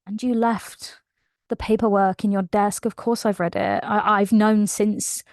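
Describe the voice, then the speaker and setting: A British woman voicing a loyal, sassy young female fire sprite in a soft, earnest tone while retelling a book. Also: mid-range voice, steady tone, measured pace, no echo, clean studio sound, close to an everyday voice. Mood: tender.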